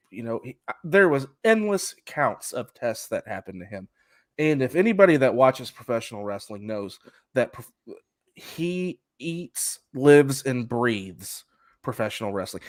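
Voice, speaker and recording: A man's voice: medium pitch, dry recording. Male co-host, casual chat, rambles and restarts, dry close sound. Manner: rambling, hesitant, many restarts. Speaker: podcast co-host.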